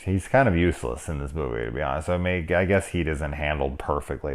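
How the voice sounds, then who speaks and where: A man with a very low, deep voice talks through a movie in loose, casual review style. He rambles, drops in swear words, and chuckles at his own asides. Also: darkish tone. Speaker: film reviewer. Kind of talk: casual spoilery movie discussion.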